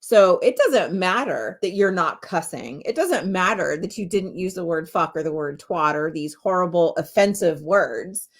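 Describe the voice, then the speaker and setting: A woman's voice: on the low side, lively intonation, moderate pace, few pauses. A middle-aged woman hosting her own podcast as a spiritual medium, talking in a casual, candid way, swearing freely and laughing often. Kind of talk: casual solo podcast talk.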